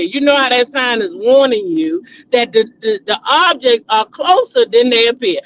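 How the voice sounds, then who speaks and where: A middle-aged man hosts a laid-back commentary chat. His voice sits very high for a man, and he talks bluntly, swears freely and laughs his way through his stories. A faint hiss runs under the recording. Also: expressive, normal speed, few pauses, a bit bright, highs cut off. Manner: blunt, profane, laughing storyteller. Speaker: channel host.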